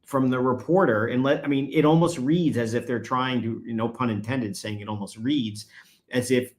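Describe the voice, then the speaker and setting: A man's voice: mid-range voice, normal speed. A man, a guest attorney, explaining legal procedure in conversation and growing emphatic when he presses a point.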